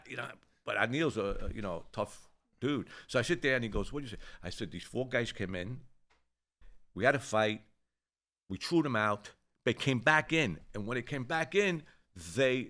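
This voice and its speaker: A man, telling an old neighborhood story in casual chat, swearing freely and acting out the people he quotes. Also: mid-range voice. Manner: rough-edged, swears freely, animated when quoting others. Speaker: show host telling a story.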